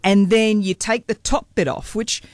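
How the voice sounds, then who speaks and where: A woman's voice: medium pitch, steady tone, normal speed, no echo. A woman co-hosting a radio breakfast show, dry and teasing in casual banter.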